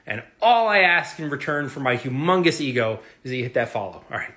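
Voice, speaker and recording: A man giving energetic, reassuring investing advice straight to camera, acting out quick reactions as he goes. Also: medium pitch. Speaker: investing video creator. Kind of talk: direct-to-camera finance talk. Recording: roomy echo.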